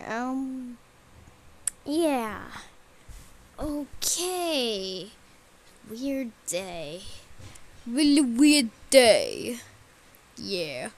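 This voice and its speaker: A woman hosting a gacha role-play, making quiet, puzzled asides. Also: on the high side, big pitch swings, very slow, pauses often, a little hiss or hum. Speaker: role-play channel host.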